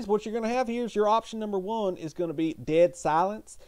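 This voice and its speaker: A man's voice: high voice, a little fast, darkish tone, clean tone. A man co-hosting a live movie stream in loose, profane, joking banter, sometimes hollering to rally viewers.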